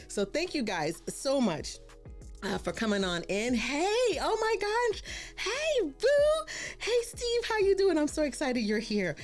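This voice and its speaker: Upbeat female branding coach hosting a live stream; animated, exclamatory delivery. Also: medium pitch. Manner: bubbly, greets viewers by name, exclaims often. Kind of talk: casual live-stream chat.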